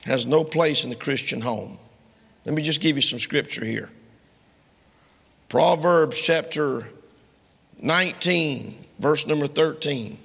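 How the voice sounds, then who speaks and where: A man's voice: on the high side, normal speed, gravelly, sharp tone, husky, long reverb tail. A man preaching a sermon to a congregation, quoting King James scripture emphatically and speaking to his listeners directly.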